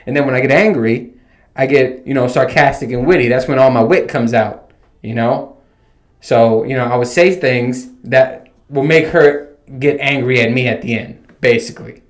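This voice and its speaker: Speaking at a moderate pace with a medium-pitched voice, this podcast host, a man in his thirties, rants and tells profane, rambling stories with real animation on his solo show. He records in an echoey, untreated home room with bare walls.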